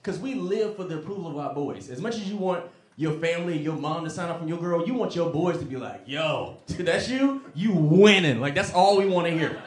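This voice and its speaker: A man performing a stand-up comedy set, animated and slipping into character voices. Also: a little high, fast talker. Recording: roomy club with laughing crowd.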